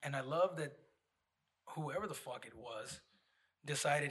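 A man hosting a casual podcast chat, profane and animated, hyping up his guests. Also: fairly high pitch, measured pace, long pauses, husky. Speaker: podcast host.

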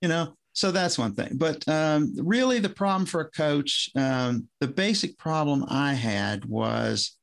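A man's voice: a little high, lively intonation, measured pace, creaky, few pauses. A man, a former swim coach, chatting on a podcast in a rambling, self-interrupting way, often restarting his sentences. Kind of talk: casual podcast conversation.

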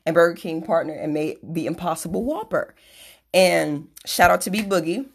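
A woman's voice: fairly low pitch, moderate pace, gravelly, slightly rough. A young adult woman hosting a podcast, ranting in a blunt, sarcastic, profane way with self-deprecating asides. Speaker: podcast host. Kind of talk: profane solo rant.

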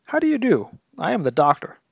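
A man reading aloud, voicing a small, scruffy, sulky male time traveller in a higher voice. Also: huge pitch swings, a little fast, creaky, no room sound, muffled recording, heavily acted. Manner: sulky, piping.

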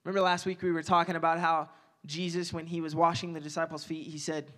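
High-voiced young man preaching casually. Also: quick pace. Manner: energetic, joking asides, repeats phrases. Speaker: youth pastor. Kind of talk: casual sermon.

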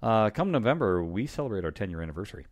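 A man's voice: lowish voice, big pitch swings, very fast, dull audio. A man co-hosting a podcast, reminiscing casually with frequent ums and laughs. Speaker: podcast co-host.

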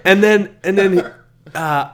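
A man's voice: high-pitched, slow, fairly bright tone. A man hosting a podcast, rambling through stories and acting out what people said. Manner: rambling storyteller, quotes people in voices. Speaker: podcast host. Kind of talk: casual podcast chat.

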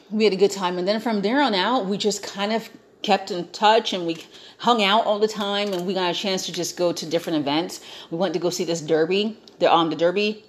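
A young woman chatting casually, telling an animated story and quoting herself and others along the way. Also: mid-range voice, slight background noise.

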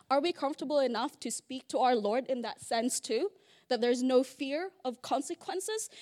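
Woman, high voice, casual Bible study talk, chatty, playful, lots of fillers. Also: a bit bright.

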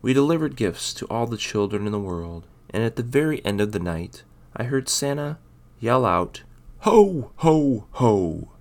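Lower-voiced man reading a bedtime story. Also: animated, brisk, hardly any pauses, a little mellow. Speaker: podcast host and storyteller. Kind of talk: casual intro then scripted story narration.

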